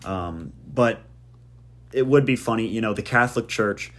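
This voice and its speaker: Low-voiced man rambling jokily. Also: normal speed. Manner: rambling, jokey tangents, self-deprecating. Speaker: podcast host. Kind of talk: casual podcast monologue.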